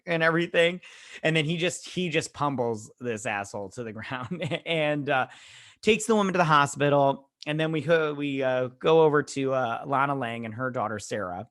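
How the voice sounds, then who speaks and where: A man with a mid-range, fairly bright voice hosts a casual review show, recapping an episode in a rambling, slangy way and dropping into quick acted quotes.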